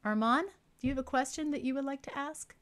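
A middle-aged woman storyteller guiding young children through a simple craft and answering their questions slowly and clearly. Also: sits high, a little hiss or hum. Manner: warm, patient, slow and clear for young children.

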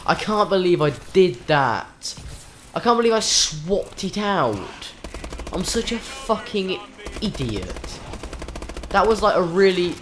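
A man's voice: high-pitched, sing-song, takes it slowly, fairly bright tone, slight background noise. A man commentating his own game live, swearing often, with frustrated outbursts and panicked yelps. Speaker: gaming channel host.

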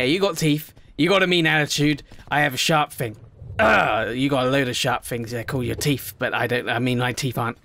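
A man doing let's-play commentary, chatty and jokey, talking to in-game creatures and swinging between quiet worry and loud excitement. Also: mid-range voice, no room sound.

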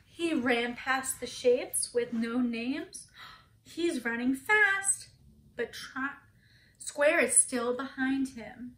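A woman's voice: high voice, takes it slowly, a bit bright, reverberant. A woman teacher reading a picture book aloud to children, asking them questions and gasping for effect.

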